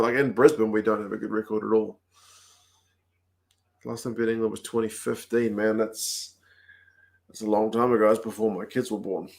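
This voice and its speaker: A New Zealand man hosting a livestream, chatting casually and answering viewer comments aloud in a relaxed, talkative way. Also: lowish voice, creaky. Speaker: livestream host. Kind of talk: casual chat reading comments.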